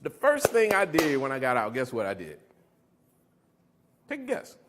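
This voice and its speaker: A middle-aged man, a recovery speaker, addresses a live audience with a motivational talk full of animated stories, laughter and questions for listeners. His pitch is medium, his pace moderate, and noise sits in the background.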